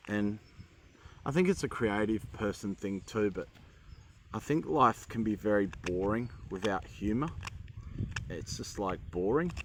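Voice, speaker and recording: A man's voice: fairly low pitch, background noise. A young Australian man chatting casually as he teaches woodcarving, rambling with self-deprecating humor. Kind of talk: casual instructional talk while carving.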